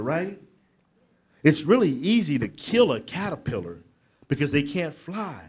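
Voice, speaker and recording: A middle-aged man, giving a motivational speech to young people at a conference, preacherly and building to loud emphatic peaks with asides to the crowd. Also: a little high, breathy edge. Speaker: motivational speaker. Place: conference hall.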